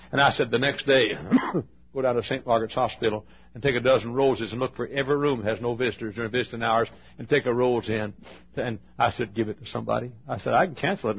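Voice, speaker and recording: Gravelly preacher man telling folksy stories. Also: medium pitch, muffled recording. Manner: folksy, swings from loud to hushed. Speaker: pastor. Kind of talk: sermon storytelling.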